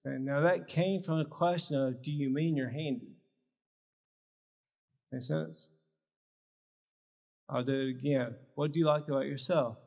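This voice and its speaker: A man's voice: on the high side, steady tone, moderate pace, gravelly, long pauses, a little mellow. A man giving a live workshop talk at a health symposium, teaching with short, emphatic phrases. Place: large church hall. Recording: long reverb of a large hall.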